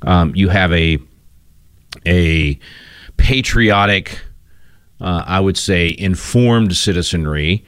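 Deep-voiced radio host, halting. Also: male voice, fairly bright tone, clean tone, dry recording, studio quality. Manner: halting, with many restarts and fillers. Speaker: radio talk show host. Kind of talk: talk radio monologue.

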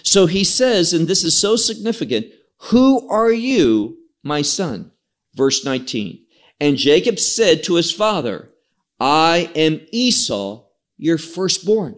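Male Bible teacher, fairly high voice, unhurried expository sermon, emphatic on key words. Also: big pitch swings.

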